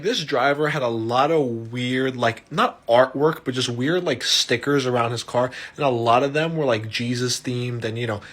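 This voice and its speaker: A young man telling a wild personal story in a casual, profane, animated way, with a mild stutter and restarts. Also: mid-range voice. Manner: animated, profane, self-mocking.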